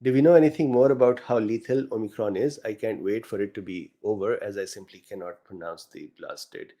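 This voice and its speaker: A man's voice: fairly low pitch, fairly quick, dark tone. A middle-aged man with a non-native English accent hosts a casual live session, reading viewer questions aloud and answering them with frequent fillers.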